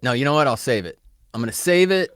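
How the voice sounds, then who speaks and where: Brief: an animated male host in casual chat, mid pitch, dry booth sound. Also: quick pace, clear, resonant tone, no echo. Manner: animated, laughs often. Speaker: podcast host.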